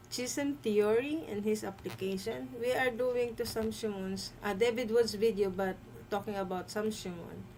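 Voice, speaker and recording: Slow halting woman host. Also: a little high, a little hiss or hum, low-quality recording. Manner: halting, many fillers and searches for words. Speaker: livestream host. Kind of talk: casual livestream chat.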